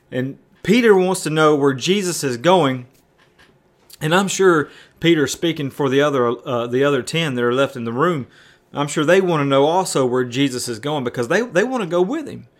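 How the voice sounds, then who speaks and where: A man's voice: a little high, a bit bright. A man preaching a conversational sermon, often repeating words and restarting as he explains.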